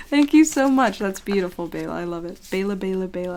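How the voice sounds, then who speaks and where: A young woman hosting her channel, reading fan mail aloud in a casual, affectionate way and now and then dropping into soft whispers. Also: fairly low pitch, a little fast, gravelly. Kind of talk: casual vlog chat, reading letters aloud.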